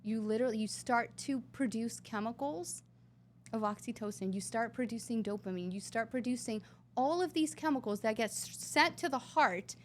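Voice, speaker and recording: A woman's voice: fairly high pitch, normal speed, slight background noise. A woman talking earnestly and with emphasis as a guest in a conversational interview. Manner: earnest, emphatic, sometimes drawn out. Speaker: podcast guest.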